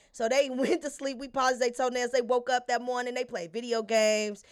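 High-voiced woman telling stories, laughing. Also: fairly quick. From Chicago. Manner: laughing, animated storytelling. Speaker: podcast co-host. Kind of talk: casual storytelling chat.

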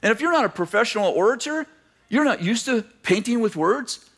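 Very high-pitched and a bit bright, this man's expressive voice moves a little fast through a sermon. As a pastor, he spins stories, performs the voices of the people in them, and jokes with his audience.

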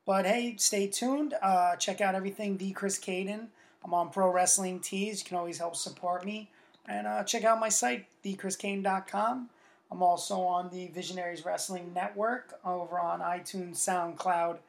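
A man's voice: high voice, fairly even intonation, moderate pace, creaky. A young man hosting a podcast, ribbing his friends in crude, profanity-laced casual chat. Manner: crude, teasing banter with frequent swearing. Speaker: podcast host.

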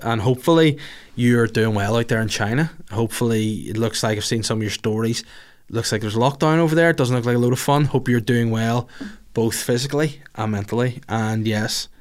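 A man's voice: medium pitch, fairly quick. A man hosting a podcast in casual comedic chat, reading out listener questions with crude, sarcastic humour and frequent swearing. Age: older than the others, adult.

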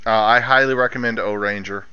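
A man chatting casually on a podcast, recapping an episode with lively energy, acting out lines with laughs and swearing. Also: lowish voice, fairly quick, clean tone, no echo, lo-fi sound. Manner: animated, acts out characters' lines with laughter and swearing. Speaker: podcast co-host. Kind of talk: casual chat recapping a show.

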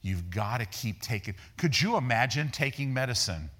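A man preaching a sermon in a folksy, animated way, acting out the people in his stories and repeating words as he builds each point. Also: moderate pace. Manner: animated, acts out dialogue with raised pitch. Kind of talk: sermon with storytelling.

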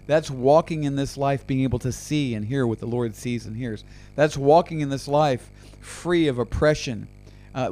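A man's voice: mid-range voice, darkish tone. A man preaching a radio sermon and leading a prayer, fervent and full of repeated words and restarts. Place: radio program.

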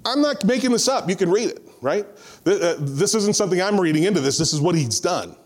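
A man preaching a sermon, retelling a scripture story in an animated, conversational way and acting out the voices. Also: high voice, brisk. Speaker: pastor.

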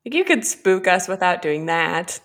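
A woman's voice: fairly low pitch, very animated, moderate pace, fairly bright tone. A woman chatting casually on a podcast, telling an easygoing anecdote with occasional laughs.

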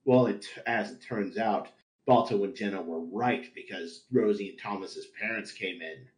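A man hosting a podcast, narrating a story in a flat voice with stumbles and laughs. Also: fairly low pitch, normal speed. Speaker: podcast host, reader. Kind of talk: comedic fan-story narration. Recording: roomy echo.

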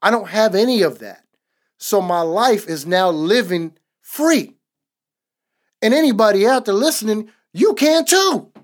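A man's voice: high-pitched, lively intonation, unhurried. A man on a podcast giving a casual, emphatic faith testimony in a repetitive, preaching cadence. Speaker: podcast co-host.

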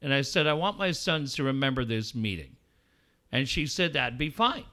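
A man's voice: medium pitch, moderate pace. A middle-aged man co-hosting a radio show, telling a story in casual banter and acting out each line of dialogue. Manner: animated storyteller acting out dialogue, swears freely. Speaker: radio co-host.

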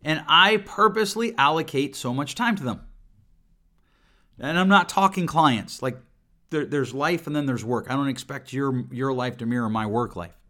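Recording alone at his home computer on a desk mic, this middle-aged podcast host has a medium-pitched voice that sounds pushed and bright. He keeps a moderate pace, reflects earnestly, and frequently restarts sentences and repeats words.

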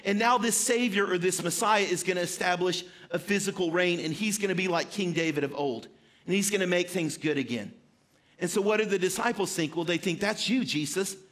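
A man's voice: sits high, fairly quick, fairly bright tone. A man preaching a sermon to his church in an earnest, conversational way, repeating his key phrases. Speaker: pastor. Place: church sanctuary.

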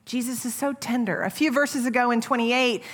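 A middle-aged woman preaching a sermon in a church, earnest and gentle, often pausing to restart a phrase. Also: fairly high pitch, fairly even intonation, breathy edge.

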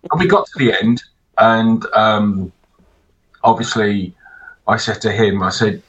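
Guy on a podcast, low-ish voice with a bright edge, swears a lot while telling stories. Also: slow pace, long pauses, highs cut off. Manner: sweary, animated storyteller. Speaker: podcast co-host. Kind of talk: casual chat.

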